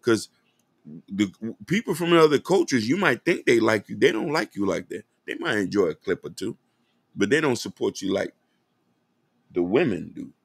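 A man's voice: lowish voice, animated, normal speed, creaky, breathy edge, dry recording. A man hosting a podcast, giving an earnest, impassioned commentary monologue that speaks straight to his listeners. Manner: earnest, direct, addresses listeners as y'all. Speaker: podcast host.

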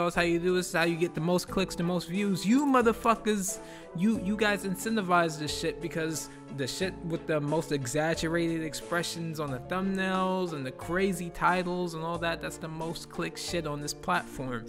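A man giving a blunt, profane commentary rant as a YouTuber, exasperated and repeating himself. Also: on the high side. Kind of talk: ranting commentary vlog.

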